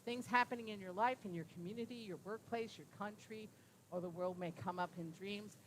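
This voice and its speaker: A woman speaks to a room full of listeners in a casual, storytelling way, often checking in with a quick question. Her voice sits at an ordinary middle pitch. A faint low rumble hums underneath. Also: fairly bright tone, poor audio. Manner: conversational, personal stories with tag questions. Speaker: workshop speaker on dreams. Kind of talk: live talk to a room audience. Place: room with an audience.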